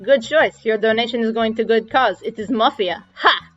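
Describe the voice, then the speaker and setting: A woman voicing a gruff, boastful male mob boss who speaks in clipped, broken English. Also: a little high, moderate pace, fairly bright tone. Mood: gloating. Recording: dull audio with faint music.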